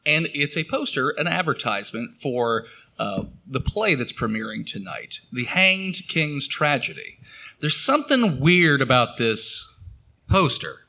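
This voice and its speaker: A man's voice: medium pitch, big pitch swings, measured pace, creaky, pushed and bright. A man narrating scenes as game master of a tabletop role-playing game, describing things with some fillers.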